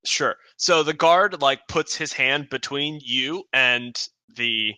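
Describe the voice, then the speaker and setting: A man running a tabletop game as game master, narrating and voicing guards with loose, rambling restarts. His tone is sharp and bright, recorded dry and close with no room sound. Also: mid-range voice, slow, clear, resonant tone, no room sound.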